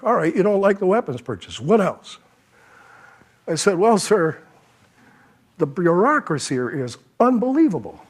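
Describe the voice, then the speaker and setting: Older male panelist, somewhat high voice, anecdotal storyteller who quotes others. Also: very animated, normal speed, long pauses, slightly rough. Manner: anecdotal, quotes others, chuckles at his own stories. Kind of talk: panel talk, telling anecdotes.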